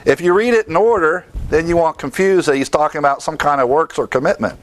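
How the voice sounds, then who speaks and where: A man's voice: fairly high pitch, fast talker. A man giving expository Bible teaching in a conversational way, repeating key words for emphasis and rattling off lists of verse references.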